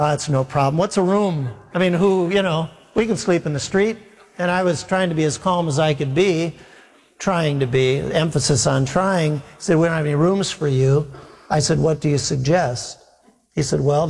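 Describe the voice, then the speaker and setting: A man's voice: on the high side, darkish tone, big-room sound. A man, a pastor, telling a humorous, self-mocking travel story in a sermon, acting out the dialogue.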